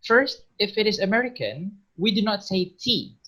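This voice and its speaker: A man with an Indonesian accent teaching an online English vocabulary lesson, patient and encouraging, slowly repeating words to model pronunciation over a video call. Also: sits high, sing-song, bright, forceful tone, poor audio.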